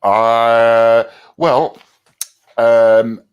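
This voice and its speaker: A man's voice: mid-range voice, fairly even intonation, extremely slow, clear, resonant tone, dull audio. A man with an English accent, chatting and joking casually on a group voice panel. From England. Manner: joking, chatty, laughs often. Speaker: panel speaker.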